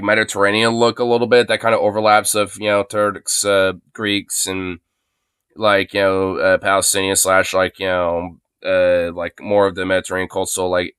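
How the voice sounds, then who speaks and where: Male streamer, rambling and profane live commentary, smooth voice, dry sound. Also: lowish voice, a bit bright, dry recording. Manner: rambling, heavy fillers and swearing. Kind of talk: livestream commentary. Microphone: phone.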